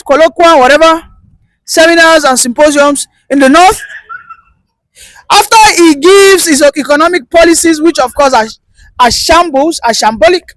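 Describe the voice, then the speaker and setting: High-voiced, impassioned woman. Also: fairly bright tone, dry recording, low-quality recording. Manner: impassioned, emphatic, rhetorical. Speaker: political commentator. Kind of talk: opinion commentary.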